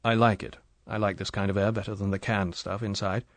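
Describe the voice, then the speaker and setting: A man's voice: on the low side, level tone, a little fast, no echo, lightly acted. Cool, terse secret agent, firm and close-miked, read by a man.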